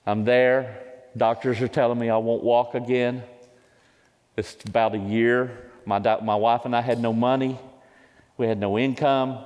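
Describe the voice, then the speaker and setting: Impassioned preacher in his fifties, echoing hall. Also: mid-range voice. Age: 50s. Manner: impassioned testimony, climbing into loud pleading cries. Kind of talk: sermon. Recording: long hall reverb.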